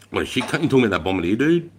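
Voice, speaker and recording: A middle-aged Australian man, an army veteran, chatting on a livestream and telling stories in an animated, profane way. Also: on the low side, slight background noise. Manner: profane, animated storytelling, swears constantly. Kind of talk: casual livestream chat.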